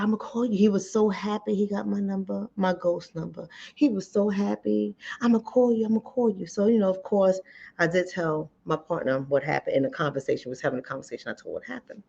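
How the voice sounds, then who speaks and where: A woman hosting a channel, telling a personal story in animated, direct talk to ladies and fellas. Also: fairly low pitch, vocal fry. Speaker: relationship coach and channel host. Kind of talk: casual talk-to-camera commentary. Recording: dull lo-fi sound.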